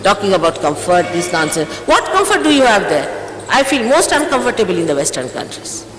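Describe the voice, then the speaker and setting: In her sixties, a spiritual teacher gives a stern, reproachful address to her followers, speaking fairly quickly as her pitch leaps up and down with lively emphasis. Her voice rings through a large hall with long, echoing reverb, and a faint hum of ambience sits beneath the old archive tape.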